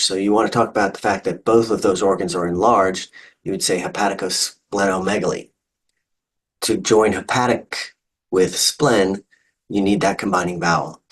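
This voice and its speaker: A man's voice: lowish voice, breathy edge, low-quality recording. A male instructor explaining terms patiently in a recorded online lecture. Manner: patient, explanatory, with fillers and restarts.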